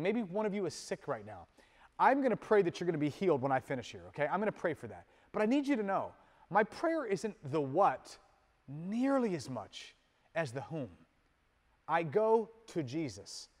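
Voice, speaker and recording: A man preaching a sermon as pastor, moving between loud emphatic peaks and soft, low asides in a conversational manner with casual fillers. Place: church sanctuary. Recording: long hall reverb.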